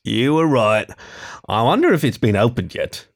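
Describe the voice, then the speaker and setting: A man's voice: mid-range voice, big pitch swings, normal speed, no room sound, studio quality. A man voicing a tall, greedy male fennec fox robber in an eager, slightly raised voice.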